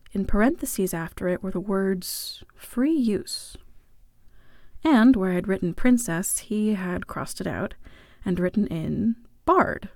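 A woman's voice: medium pitch, a little mellow, dry recording. Wry woman narrating a story, dry sound. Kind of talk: first-person story narration.

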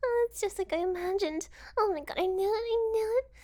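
This young woman's very high, slightly mellow voice moves a little fast as she acts out an intimate audio role-play. She portrays a gullible, keen young woman who gets flustered easily, giggling, stammering and dropping into breathy whispers.

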